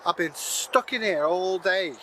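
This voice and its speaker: A man's voice: high voice, animated, a little slow, bright, forceful tone, a little hiss or hum, full character voice, rough recording. A man voicing a grumpy, sarcastic talking female cow in a story. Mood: grumbling. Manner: grumbling, sarcastic.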